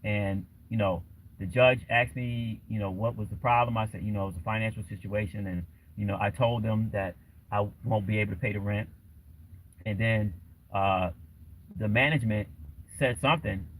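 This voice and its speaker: A man with a fairly low voice chats casually to his livestream viewers, rambling and circling back on his words. Faint room noise hums behind him. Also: steady tone, normal speed, rough recording. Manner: rambling, many fillers and restarts. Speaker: livestream host.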